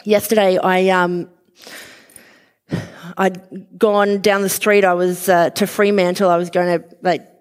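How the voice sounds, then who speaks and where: A woman's voice: lowish voice, flat delivery, a little slow, long pauses. A woman preaching a sermon, conversational, telling a personal story with fillers and light laughs. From outside Western Australia.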